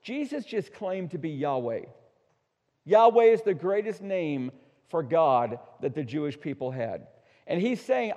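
A male pastor preaching an emphatic sermon, swinging between hushed asides and loud, slowed-down declarations. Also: fairly high pitch, sing-song. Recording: dull sound with long hall reverb.

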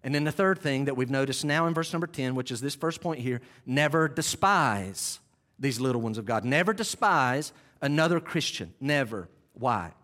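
A man's voice: medium pitch, lively intonation, moderate pace, a bit bright. A man preaching a sermon as pastor, emphatic and repeating key phrases, with conversational asides to the congregation. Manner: conversational asides, self-deprecating. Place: church sanctuary.

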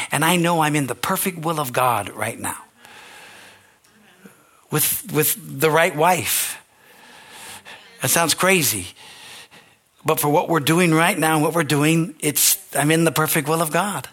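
Older man, pastor, sermon, earnest, emotional, forceful tone. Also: fairly high pitch. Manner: earnest and emotional, rising to shouts.

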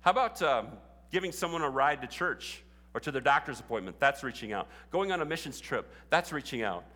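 Preaching in a church sanctuary, a man speaks as pastor with a medium-pitched, animated voice, a sharp tone, and a slightly fast pace. What begins as chatty talk rises to fervent exhortation, carried by the long reverb of the large hall.

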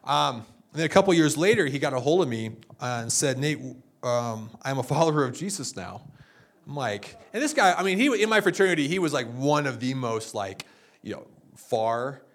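A middle-aged male pastor giving a sermon in an animated, storytelling manner. He acts out other people's words as he goes, his voice lifting into excited bursts and then settling back into plain talk. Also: a little high, fairly quick.

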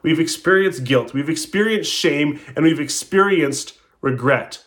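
A man's voice: on the high side, lively intonation, measured pace, few pauses, fairly bright tone. Man preaching a story-driven sermon. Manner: storytelling, acting out quotes with rising and falling emphasis; conversational, with restarts. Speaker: pastor.

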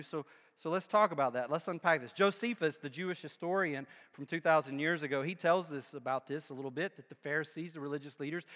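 Pastor, male, high bright voice, emphatic sermon delivery with playful asides; reverberant hall.

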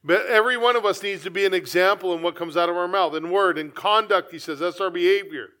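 High, bright-voiced male preacher. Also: fast talker. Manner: conversational, earnest preaching with asides. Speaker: pastor. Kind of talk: sermon.

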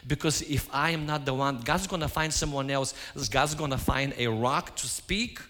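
A man's voice: mid-range voice, normal speed, pushed and bright. A man giving a sermon, telling stories and acting out his own quoted lines. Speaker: preacher. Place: church. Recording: hall reverb.

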